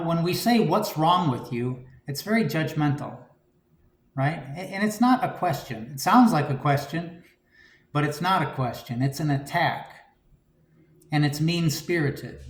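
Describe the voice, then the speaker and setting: A man giving a conversational homily, relaxed and reflective, with frequent "you know" and "um". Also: on the high side, a little slow, pauses often, roomy sound. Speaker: preacher.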